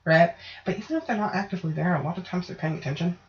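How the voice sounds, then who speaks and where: A woman co-hosts a casual podcast, chatting loosely and jokily, swearing a lot and tacking "right?" onto her lines. Her voice is on the low side and very fast, and the audio is dull and lo-fi.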